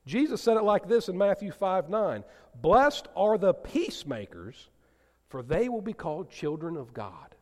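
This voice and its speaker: Animated high-voiced male pastor preaching. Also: unhurried. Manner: animated preaching, drops to soft gentle tones for emphasis; asks the congregation questions and teases a listener. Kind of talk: sermon. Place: church sanctuary. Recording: long hall reverb.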